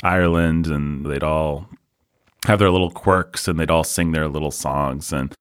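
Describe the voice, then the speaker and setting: A man with a very deep voice talks through a casual film podcast, animated and quick to laugh, now and then slipping into mocking put-on voices. The sound is close and dry, with no room around it. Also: no room sound. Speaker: podcast co-host.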